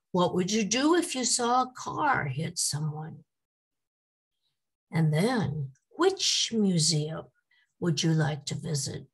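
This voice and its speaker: A woman giving a teaching lecture to English teachers, speaking deliberately and reading example questions aloud to show how they sound. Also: mid-range voice, creaky, breathy edge. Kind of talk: slide-based teaching lecture.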